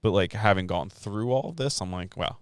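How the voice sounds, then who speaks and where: A man's voice: on the low side, a little fast, clean tone, dry recording. A man co-hosting a casual podcast, telling stories in a swearing, worked-up way with lots of fillers. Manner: swearing, heated storytelling with many fillers. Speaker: podcast co-host.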